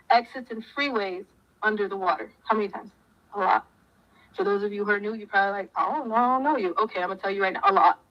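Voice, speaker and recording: A woman talking to her viewers in a fiery, preachy way, firing off repeated questions. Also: fairly high pitch. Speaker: commentator. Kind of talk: impassioned talk to viewers. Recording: muffled lo-fi audio.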